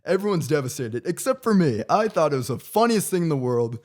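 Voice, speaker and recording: Young guy on a podcast, bit high voice, animated rambly storytelling. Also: a little fast. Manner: animated, stumbling restarts, acts out quotes. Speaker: podcast co-host. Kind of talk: casual storytelling.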